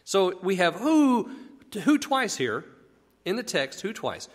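A man's voice: high voice, big pitch swings, takes it slowly. A man casually teaching a Bible passage, explaining conversationally and asking rhetorical questions. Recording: long echoey reverb.

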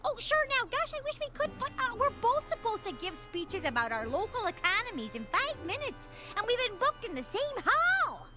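A chatty delegate pony mare. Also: female voice, very high-pitched, huge pitch swings, moderate pace, few pauses, loud music behind the voice, full character voice. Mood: flustered. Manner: chatty, pleading.

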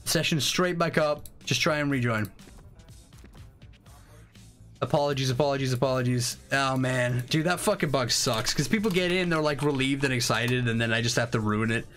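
A young man hosting a live game stream, chatting casually, excitable and swearing freely with rambling restarts. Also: mid-range voice, a little fast, hardly any pauses, faint music behind.

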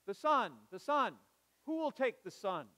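A man voicing a persistent male auctioneer who calls out bids loudly. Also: high-pitched, lively intonation, moderate pace, pitched above the performer's own voice. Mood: insistent. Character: insistent male auctioneer at an estate sale.

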